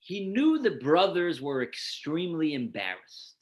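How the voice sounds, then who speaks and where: A rabbi teaching Torah talks in an unhurried, very animated way, his voice on the high side. The explanatory lecture moves through numbered source texts as he asks rhetorical questions and then answers them.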